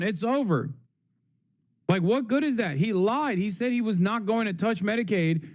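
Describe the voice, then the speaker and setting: A man streaming live, ranting about politics in a casual, profane, sarcastic way and mocking people in silly voices. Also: sits high. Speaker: live streamer reacting to clips.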